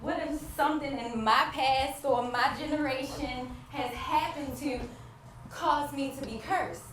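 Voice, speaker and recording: An actress playing a grieving wife who longs for a child, delivering an emotional stage monologue that moves between despair and faith. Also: female voice, high-pitched, a little slow, fairly bright tone, far from the mic, a little hiss or hum. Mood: heartbroken. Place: theater stage. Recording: echoey stage miked from afar.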